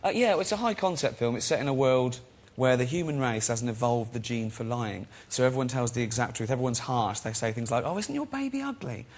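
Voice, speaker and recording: A man's voice: mid-range voice, brisk. A man, a chat show guest telling self-deprecating anecdotes in a casual, chatty way and laughing often.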